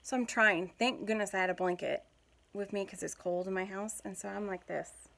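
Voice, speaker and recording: A woman's voice: mid-range voice, fairly even intonation, normal speed, gravelly, fairly bright tone, a little hiss or hum. A woman in her thirties, a mom telling a family story in a chatty, giggly vlog style. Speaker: mom vlogger.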